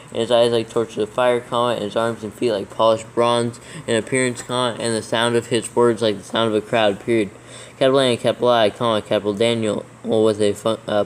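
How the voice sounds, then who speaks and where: A man reading a text aloud slowly and deliberately, dictating capitals and punctuation marks as he goes. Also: lowish voice, slight background noise, poor audio. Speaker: proofreader dictating scripture.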